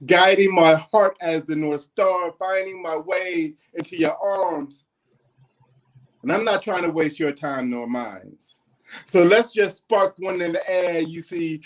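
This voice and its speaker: A man performing a romantic spoken word poem at a virtual open mic, in a smooth, lyrical delivery over a video call. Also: a little high.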